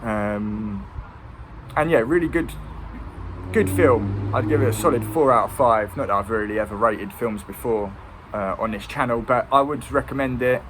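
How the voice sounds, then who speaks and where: A man's voice: mid-range voice, moderate pace, fairly bright tone, slight background noise. A man giving a casual, rambling film review. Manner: rambling, with many ums and restarts.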